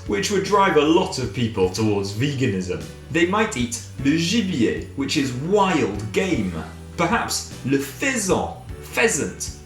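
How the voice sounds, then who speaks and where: A man with a fairly high, somewhat bright voice teaches children a playful French lesson from his home kitchen. He repeats words for the pupils to copy, drilling them in different voices, in an echoey room with faint music in the background.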